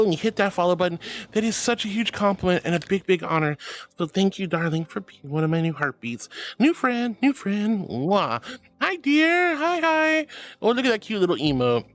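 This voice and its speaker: A woman's voice: mid-range voice, expressive, normal speed, soft background music. A woman streaming live, reading chat aloud in a sweet, giggly, affectionate way. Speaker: VTuber streamer.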